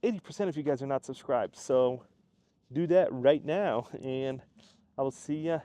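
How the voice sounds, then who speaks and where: A man's voice: mid-range voice, normal speed, warm tone, dry recording. A man talking casually in a walking vlog outdoors, earnest and rambling, often repeating himself. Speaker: YouTube creator. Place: outdoors on a walk.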